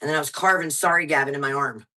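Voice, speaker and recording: A woman comedian in her thirties, telling blunt, profane stories in a high-energy way during a casual podcast chat. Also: fairly even intonation, rapid-fire, bright, forceful tone, rough recording. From Pennsylvania, US. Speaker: stand-up comedian guest.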